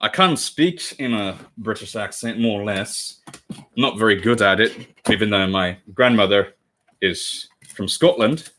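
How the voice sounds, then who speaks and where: A man's voice: on the low side, a little slow, a bit bright. A man in his twenties talking casually on a livestream while crafting, rambling and correcting himself as he chats with viewers. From United States. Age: 20s. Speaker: cosplay livestreamer.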